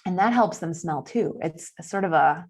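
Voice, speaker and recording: A woman's voice: lowish voice, expressive, normal speed, darkish tone, slightly rough. A young woman, a nature camp educator, giving a chatty, playful live-streamed science lesson for children from home, laughing at her own jokes.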